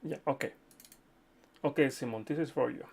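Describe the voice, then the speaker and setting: Gravelly-voiced man hosting a live chart stream. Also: mid-range voice, normal speed, a little mellow. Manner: chatty, repeats okay, addresses viewers as friends. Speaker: livestream host reading viewer chart requests. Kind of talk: casual live chart analysis.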